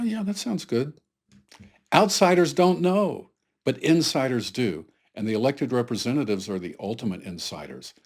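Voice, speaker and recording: Guy from the south doing a political commentary vlog, lowish voice, earnest and chatty, talks straight to viewers. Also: darkish tone. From Atlanta, Georgia, US South. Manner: earnest, conversational, pleading with viewers. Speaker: political commentary channel host. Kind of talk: solo political commentary to camera.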